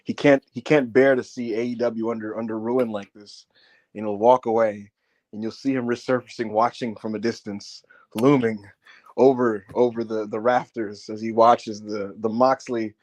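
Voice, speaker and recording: A man co-hosting a casual wrestling podcast, animated and profane, ranting and stammering when worked up. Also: lowish voice, moderate pace, dry recording. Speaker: podcast co-host.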